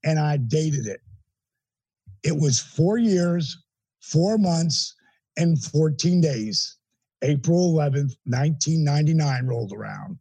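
Husky, high-voiced man telling a story. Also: slow pace, no echo, rough recording. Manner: animated, emphatic storyteller with profanity. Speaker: interview guest. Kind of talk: storytelling in an interview.

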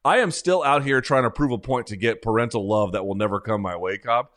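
A man's voice: medium pitch, fairly quick, fairly bright tone. A man hosting a podcast, talking in a rambling, sarcastic, self-deprecating way in casual comedic chat. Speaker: podcast host.

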